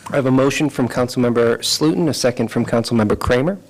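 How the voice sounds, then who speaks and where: A man serving as mayor, chairing a council meeting with brisk procedural phrasing and a bit of humor. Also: mid-range voice, darkish tone. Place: council chamber.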